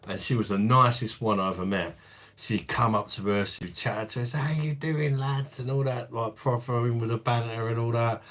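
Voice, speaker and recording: A man's voice: lowish voice, fairly bright tone. A man hosting a live stream, chatting casually with viewers, blunt and laughing often. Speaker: livestream host.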